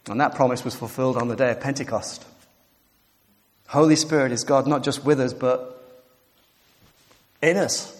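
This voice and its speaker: A man preaching a sermon with animated emphasis, building to emphatic peaks and easing into quiet reflection. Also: mid-range voice, moderate pace, pauses often. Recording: long hall reverb.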